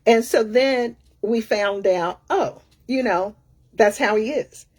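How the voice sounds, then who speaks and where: A middle-aged woman coach telling a story in a casual, animated, sassy way. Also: on the high side, slow pace, breathy edge. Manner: animated, sassy, acts out other people's lines. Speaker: career coach.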